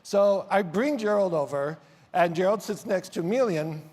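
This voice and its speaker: A man emceeing a large conference on stage, telling an animated story with big swings in loudness. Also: high-pitched, moderate pace. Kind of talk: onstage conference speech. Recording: reverberant hall sound.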